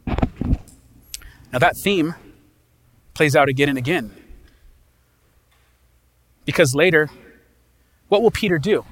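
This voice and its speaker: A pastor delivering an impassioned sermon in a folksy, casual way, swinging from loud emphasis to hushed quiet. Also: male voice, a little high, measured pace, long pauses, slight background noise.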